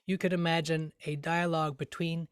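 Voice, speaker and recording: A man teaching a grammar lesson, speaking carefully and deliberately, sounding out words to show their rhythm. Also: a little high, level tone, clear, resonant tone, no room sound, studio quality. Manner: slow, careful, deliberate delivery with spoken rhythm examples.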